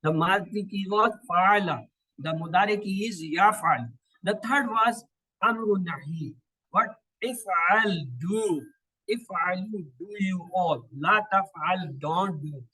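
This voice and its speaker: A man teaching Quranic Arabic in a classroom lesson, slowly drilling word patterns and asking questions that he answers himself. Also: high voice, sharp tone, slightly rough, low-quality recording. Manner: slow, repetitive recitation of word patterns.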